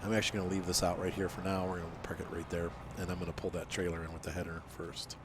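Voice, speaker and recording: A man's voice: sits low, level tone, rapid-fire, noisy background. A man hosting a farming game let's-play, talking casually and rambling as he plays, with some teasing banter. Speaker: gaming channel host.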